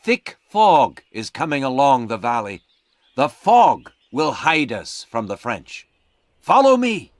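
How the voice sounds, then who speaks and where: A man voicing a steady adult frontier scout in a storybook reading, speaking in a calm, low, commanding way. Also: slow, no room sound.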